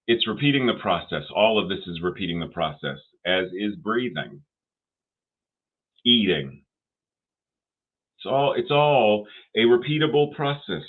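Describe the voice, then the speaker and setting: A man giving a sermon, deliberate and repetitive, asking rhetorical questions. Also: on the low side. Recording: tinny phone-like sound.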